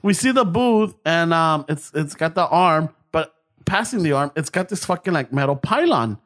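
Brief: high-voiced man, casual storytelling host, swears and laughs often. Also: expressive, moderate pace, fairly bright tone. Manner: profane, laughing, mixes English and Spanish.

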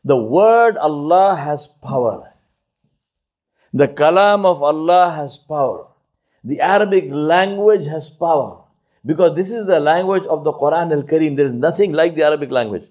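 Emphatic male Islamic lecturer. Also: lively intonation. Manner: emphatic and repetitive, swinging between loud high stresses and low quiet asides; slows to stress key phrases. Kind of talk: religious talk on outreach.

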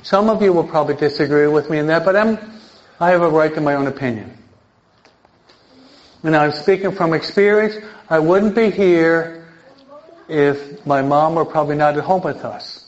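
An older man, a priest teaching an adult catechism class in a lively sermon style, emphatic and often checking in with his listeners. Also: fairly high pitch, moderate pace. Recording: dull lo-fi recording.

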